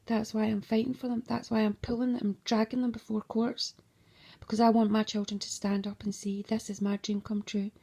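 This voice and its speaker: A woman with a husky, gravelly voice, mellow and somewhat high-pitched, pouring out a rambling personal monologue. She curses constantly, sounds agitated and emotional, and keeps sinking into hushed, whispery stretches. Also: little pitch movement, fairly quick. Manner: heavy swearing, agitated, emotional. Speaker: mother.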